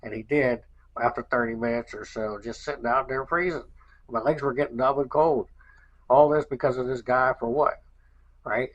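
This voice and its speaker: A man's voice: medium pitch, a bit bright, dull audio. A man hosting a podcast, telling a rambling, aggrieved story in casual chat, repeating himself as he goes. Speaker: podcast host.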